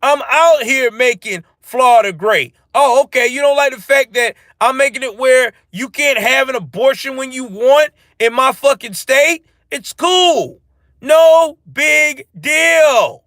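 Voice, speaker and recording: A man's voice: very high-pitched, a little slow, fairly bright tone, no echo, pitched above the performer's own voice. A man putting on a mocking impression of a boastful male governor bragging about his record, in a smug, swaggering voice.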